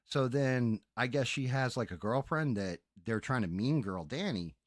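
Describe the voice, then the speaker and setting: A man's voice: medium pitch, normal speed, dry recording, studio quality. A man streaming on a headset mic, telling a story in a casual, profane, exasperated rant. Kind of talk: casual ranting stream chat.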